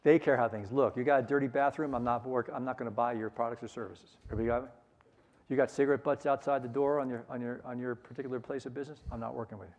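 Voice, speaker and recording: A middle-aged man leading a sales seminar, energetic and coaxing the audience to repeat phrases after him. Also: medium pitch, rapid-fire. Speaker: sales trainer. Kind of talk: conference seminar talk.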